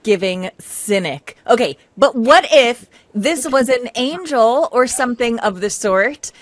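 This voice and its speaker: A woman co-hosting a podcast, chatting casually with lively, playful interjections. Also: fairly high pitch, measured pace, no echo. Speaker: podcast co-host. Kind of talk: casual chat.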